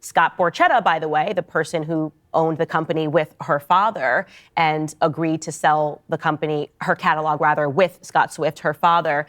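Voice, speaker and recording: A woman's voice: deep voice, steady tone, normal speed, hardly any pauses, a bit bright. Assertive woman giving pointed commentary. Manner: assertive, lecturing, storytelling. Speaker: political commentator. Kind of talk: opinionated commentary.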